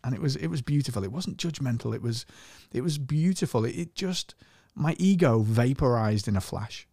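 A man's voice: mid-range voice, animated, normal speed, vocal fry, mellow, no room sound, clean studio sound. A middle-aged man with a podcast, earnestly telling a personal spiritual story, often restarting his phrases. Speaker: podcast host.

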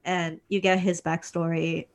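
A young woman co-hosts a relaxed conversation. She rambles, sighs often and gets emotional as she speaks, with fillers between her thoughts. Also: lowish voice, unhurried. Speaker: podcast co-host. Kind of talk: casual chat about an anime series.

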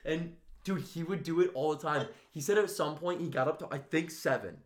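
A young man co-hosting a podcast, telling stories in casual, profane, animated chat. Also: fairly high pitch, brisk, roomy sound. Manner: swears a lot, animated storytelling with laughs. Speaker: podcast co-host.

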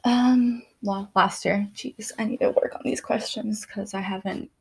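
Young woman, candid vlogger, unhurried delivery, emotional and soft-spoken. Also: mid-range voice, fairly even intonation, gravelly, husky. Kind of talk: reflective personal vlog.

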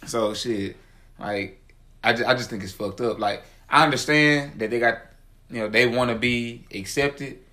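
A man in quick, animated banter with a co-host on a livestream. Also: mid-range voice. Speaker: podcast co-host. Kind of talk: casual chat on a livestream.

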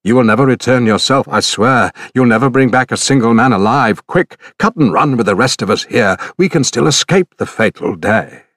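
A man's voice: medium pitch, animated, slow, slightly rough, no room sound, studio quality, exaggerated voice. A man reading an audiobook voices a grief-stricken male soldier who pleads in fear. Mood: pleading. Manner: shaken, pleading.

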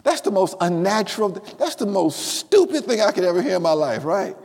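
A man preaching in a high, ringing voice with a long reverb around it. He is emphatic and rhythmic, dropping low and then rising to a shout as he repeats his key lines. It is a church sermon. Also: sing-song, brisk, vocal fry, few pauses, breathy edge. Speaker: pastor. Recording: long reverb of a large hall.

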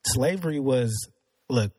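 Male, casual debate, blunt and questioning, husky, dry close sound. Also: medium pitch, animated, slow, mellow, no room sound. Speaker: discussion participant.

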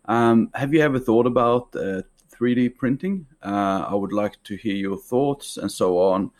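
A man with an accent in his English, leaving a hesitant voice question for a podcast host. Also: medium pitch. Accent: non-native English. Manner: hesitant, with pauses and fillers. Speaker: listener calling in a question.

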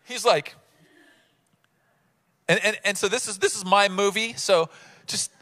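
A man preaching a sermon in a lively, casual way, acting out bits of the story in voices. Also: high voice, a little slow, long pauses. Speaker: pastor.

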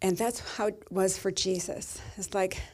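A woman's voice: medium pitch, fairly even intonation, unhurried. A middle-aged woman pastor giving a sermon, telling a personal story in a tender, emotional way.

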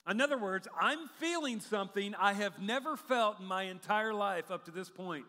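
A man preaching a sermon in an animated, humorous way, acting out quotes from the text. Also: high-pitched, moderate pace, hardly any pauses. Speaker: pastor. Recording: long hall reverb.

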